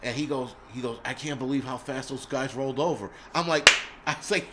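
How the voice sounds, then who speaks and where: A man's voice: medium pitch, steady tone, brisk, fairly bright tone, a little hiss or hum. A middle-aged man, hosting a live stream in casual chat, blunt and profane as he vents.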